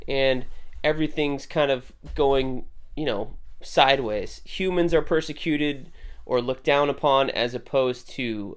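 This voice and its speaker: Smooth-voiced man reviewing comics casually. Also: fairly high pitch. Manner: rambling, self-correcting, conversational. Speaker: host.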